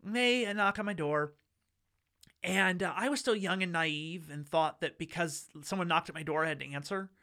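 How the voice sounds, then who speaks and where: A man's voice: a little high, normal speed, bright, forceful tone. A man telling a story in casual chat, rambling and wry with lots of fillers.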